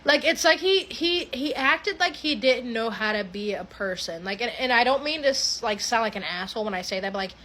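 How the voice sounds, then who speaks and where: Animated swearing young woman storyteller. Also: a little high, fairly quick, hardly any pauses. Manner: animated, swearing, restarting often. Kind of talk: casual storytime.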